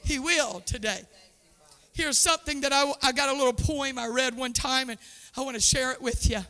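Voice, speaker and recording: Bright-voiced fervent woman preacher in a reverberant church. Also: sits high, moderate pace. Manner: impassioned, swings from shouting to hushed. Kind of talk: sermon. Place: church with pews. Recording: long church hall reverb.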